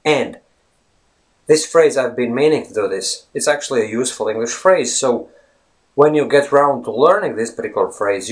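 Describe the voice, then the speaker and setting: A man giving a casual English lesson, talking straight to viewers as friends and rephrasing his points as he goes. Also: mid-range voice. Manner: chatty, repeats and rephrases points. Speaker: English teacher. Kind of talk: casual teaching monologue.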